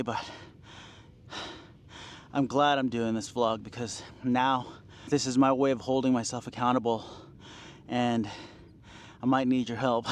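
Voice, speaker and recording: A man's voice: medium pitch, a little hiss or hum, poor audio. A man in his forties, out of breath, talking to the camera during a workout at the beach, poking fun at himself and cheering himself on between sighs and laughs. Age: 40s. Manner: self-deprecating, encouraging himself, sighs and laughs between sets. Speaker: vlogger. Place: outdoors at a beach.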